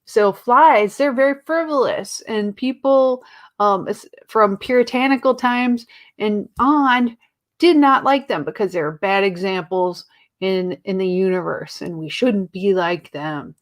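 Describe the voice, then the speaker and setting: A woman librarian hosting a casual chat show, chatty and jokey with giggly asides. She speaks at a medium pitch and fills her talk with ums and likes. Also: measured pace. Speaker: host, librarian.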